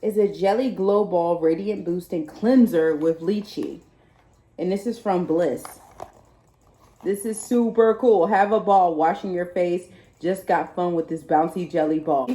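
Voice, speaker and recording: Excitable Texas woman, echoey room. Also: medium pitch, measured pace. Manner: chatty, excitable, laughs often. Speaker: vlogger. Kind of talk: casual unboxing chat.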